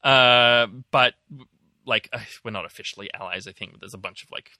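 A young man co-hosts a news podcast in a loose, rambling way, leaning on "like" and wry asides. His voice is very bright and sharp. The sound is dry and close. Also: medium pitch, a little fast, no room sound. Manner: rambling, many likes, wry. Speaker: podcast co-host. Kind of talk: casual news chat.

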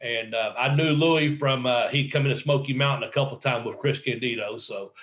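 A man's voice: mid-range voice, fairly quick, fairly bright tone, muffled recording, a little hiss or hum. A middle-aged man, a guest in an interview, telling a rambling story with swearing and quoted dialogue. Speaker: guest, wrestler. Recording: roomy echo.

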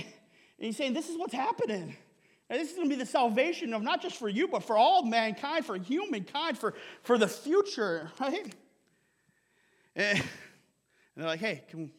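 A male pastor preaching a casual, conversational sermon, often checking in with "right?" and laughing between points. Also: very high-pitched.

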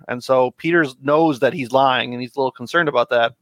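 A man's voice: medium pitch, fairly even intonation, quick pace, a bit bright, dry recording. A man on a casual podcast recapping a comic at length, rambling with fillers and briefly voicing the characters' lines. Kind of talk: casual chat.

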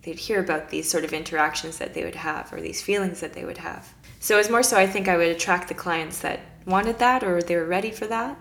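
A woman's voice: on the low side, a little fast, gravelly, few pauses, a bit bright. A woman guest on a podcast, telling her story earnestly and reflectively, acting out her own inner dialogue as she goes. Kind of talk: casual storytelling.

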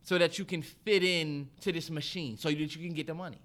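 A man co-hosting a podcast in casual chat, ranting in an animated and profane way. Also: fairly high pitch, brisk. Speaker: podcast co-host.

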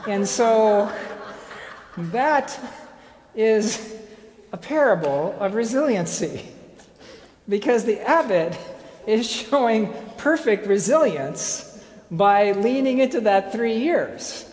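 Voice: mid-range voice, expressive, takes it slowly, long pauses, a little mellow. A speaker giving an informal slide lecture, telling a parable in a conversational way with wry asides, frequent fillers and restarts. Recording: echoey hall with long reverb.

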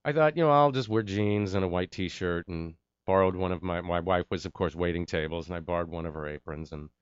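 A middle-aged man with a low, smooth voice tells a story in a relaxed chat and acts out the people he quotes. The sound is dry and a little dull. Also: a little fast, no room sound. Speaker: actor telling a story.

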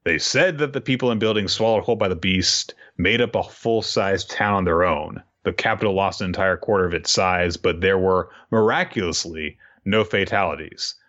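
A man's voice: sits low, normal speed, hardly any pauses, fairly bright tone. A man co-hosting a podcast, recapping a story in casual chat and acting out the characters' lines along the way. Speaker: podcast co-host recapping a manga. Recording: dull lo-fi recording.

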